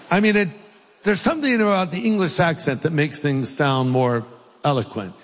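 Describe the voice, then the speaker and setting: A male pastor delivers an animated, humorous sermon in a large church. His voice sits high for a man. Long reverb from the hall trails each phrase. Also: moderate pace. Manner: animated, joking preaching.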